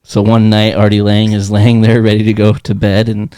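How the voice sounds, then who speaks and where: Low-voiced man telling deadpan jokes. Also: normal speed, slight background noise. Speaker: podcast co-host. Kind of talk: casual joke-telling chat. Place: podcast studio.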